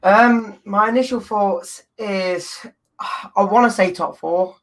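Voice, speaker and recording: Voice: medium pitch, slow. A young adult guest fan in casual chat, hesitant and thinking aloud.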